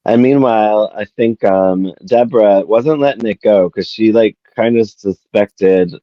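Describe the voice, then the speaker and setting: A woman with a strikingly deep voice co-hosts a podcast, chiming in with short reactions and questions. Her sound is dry and slightly muffled, like a lo-fi home mic. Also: a little slow, no echo. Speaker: podcast co-host. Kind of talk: casual chat.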